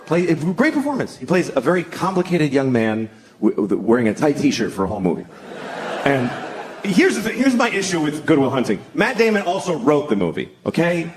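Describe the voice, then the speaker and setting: A sardonic man doing a stand-up set on a club stage, building to shouted rants, over a loud crowd. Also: fairly high pitch, huge pitch swings, fairly quick, background noise. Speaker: stand-up comedian.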